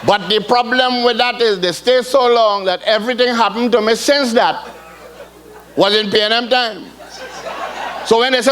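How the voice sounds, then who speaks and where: An older man with a thick Trinidadian accent performs stand-up on a ballroom stage. He tells rambling, folksy stories in island dialect, in a voice pitched a little high for a man. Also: steady tone, normal speed, noisy background. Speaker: calypso comedian. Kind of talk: live stand-up storytelling. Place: ballroom stage before a live audience.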